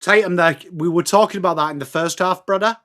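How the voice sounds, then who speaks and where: A chatty livestream host, this middle-aged Englishman calls the football as it happens in his watchalong, reading out viewer messages and naming the people who sent them. His English-accented voice is high and a bit bright, moving at a quick pace.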